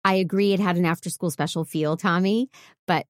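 A woman's voice: fairly low pitch, fairly even intonation, brisk, no echo, clean studio sound. A woman co-hosting a casual movie podcast, speaking thoughtfully and choosing her words carefully. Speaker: podcast co-host. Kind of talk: casual chat.

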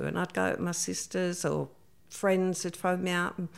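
A woman's voice: lowish voice, steady tone, moderate pace, gravelly. An older woman, a guest recounting her past in a chatty interview, acting out what others said. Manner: chatty, acts out quoted voices. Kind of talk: storytelling interview.

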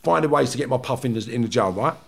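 A man, a former prisoner, talking bluntly and swearing heavily in a casual podcast chat, loud and animated when he retells clashes. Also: mid-range voice, fast talker, creaky, husky.

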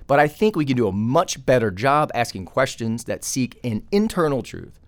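A man's voice: mid-range voice, sing-song, moderate pace, no echo. A man who is a journalist and podcast host, delivering opinion commentary emphatically, with many rhetorical questions.

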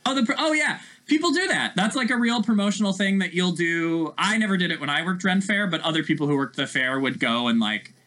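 A man's voice: high voice, fairly quick, few pauses, sharp tone, low-quality recording. A man in his thirties chatting casually as a podcast guest, rambling with plenty of fillers. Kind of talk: casual chat.

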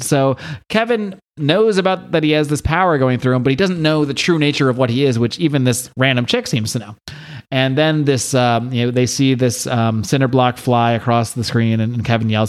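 A man's voice: medium pitch, moderate pace. Man rambling through a story recap. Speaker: podcast co-host. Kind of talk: casual podcast chat.

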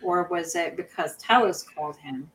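A woman's voice: lowish voice, expressive, moderate pace, poor audio. A woman co-hosting a podcast, recapping a show in casual chat with lots of fillers and restarts. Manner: rambling, many fillers and restarts. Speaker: podcast co-host.

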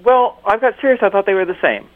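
A man co-hosting a casual podcast, laughing and ranting with lively swings in his voice. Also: sits high, quick pace, phone-quality sound. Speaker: regular co-host.

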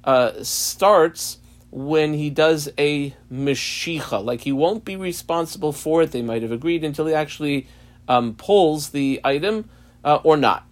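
A man teaching a page of Talmud in a study lesson, explaining slowly with frequent fillers and restarts. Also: fairly high pitch. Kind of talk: daf yomi study lesson.

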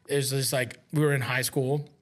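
A man's voice: medium pitch, flat delivery, fairly quick. A man from Canada, a podcast guest, telling stories in a rambling, profane, laughing way. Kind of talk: casual podcast chat.

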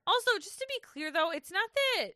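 A woman's voice: very high-pitched, sing-song, brisk, sharp tone, no room sound, studio quality. A woman co-hosting a podcast, recapping a reality show in casual chat. She swears freely and sounds exasperated, often laughing. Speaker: podcast co-host.

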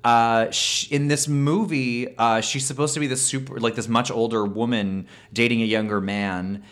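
A man's voice: medium pitch, steady tone, fairly bright tone. Chatty man hosting a podcast. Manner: chatty, laughs often, drawn-out pauses. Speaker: podcast co-host. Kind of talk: casual film chat.

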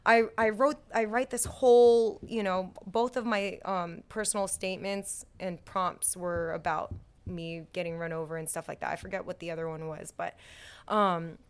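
A young woman speaks as a guest in a relaxed interview. She tells her story in a lively, chatty way. Her talk is full of "like" and "you know" fillers. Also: lowish voice, normal speed, smooth.

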